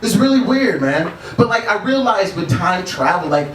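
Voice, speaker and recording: A man's voice: high voice, sing-song, moderate pace, slight background noise. Laid-back male comic in a roomy bar. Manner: laid-back, chuckles between jokes. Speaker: stand-up comedian. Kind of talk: stand-up set. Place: bar stage. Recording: echoey bar heard from a distance. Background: bar ambience.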